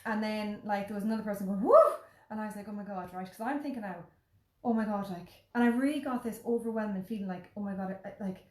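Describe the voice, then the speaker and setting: An Irish woman telling a story in casual, animated chat, full of "like" and the odd swear word. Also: medium pitch, racing, hardly any pauses. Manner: animated, chatty, peppered with swearing and "like". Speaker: podcast host. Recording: roomy echo.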